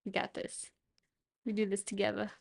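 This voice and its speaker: A woman's voice: medium pitch, completely flat delivery, normal speed, gravelly. A young woman from New York State chatting casually with viewers on a live stream while she paints, laughing often and muttering to herself. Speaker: livestreamer.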